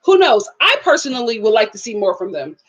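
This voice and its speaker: A young woman casually reviewing a reality TV episode, animated and sassy, often laughing and acting out what people said. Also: medium pitch, fast talker, husky, lo-fi sound. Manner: animated, laughing, acts out quotes, sassy asides. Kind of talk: casual live review chat.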